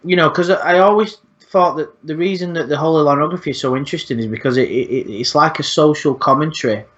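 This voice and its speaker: A man's voice: fairly high pitch, fast talker, a bit bright. A man hosting a casual chat, rambling, swearing often and repeating words as he talks. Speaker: channel host. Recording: dull lo-fi sound.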